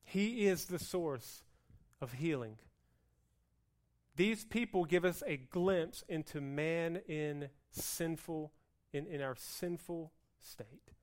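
A man preaching a sermon with lively swings between loud outbursts and hushed, slow passages, acting out the people's complaints. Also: fairly high pitch. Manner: plays out the people's complaints in a whiny voice. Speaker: pastor.

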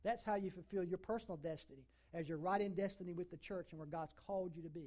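A middle-aged man preaching a sermon as a pastor, emphatic, with sudden swings between loud and soft. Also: high voice, fast.

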